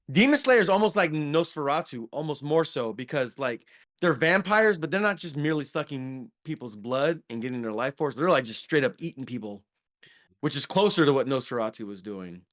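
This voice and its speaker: A man's voice: on the high side, lively intonation, normal speed, fairly bright tone. Rambling man recommending movies. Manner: rambling, many ums and restarts. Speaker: podcast co-host. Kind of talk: casual movie review chat.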